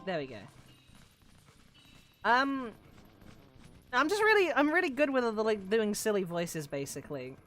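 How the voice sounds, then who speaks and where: A woman's voice: on the high side, lively intonation, normal speed, a bit bright, soft background music. A woman streamer chatting casually while she plays a game, rambling and swearing freely with lots of fillers, in a voice she calls androgynous. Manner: rambling and profane, with many fillers.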